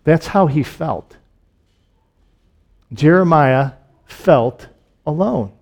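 Male preacher, somewhat raised pitch, reads scripture and explains it conversationally. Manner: reads scripture aloud, then explains it in plain, conversational asides; drops to a soft, slow hush on solemn points, rises when excited. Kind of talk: sermon.

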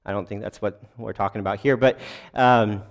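Male pastor, conversational sermon, halting delivery full of restarts, wry asides. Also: fairly low pitch, fairly even intonation, vocal fry. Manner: self-deprecating jokes to the congregation.

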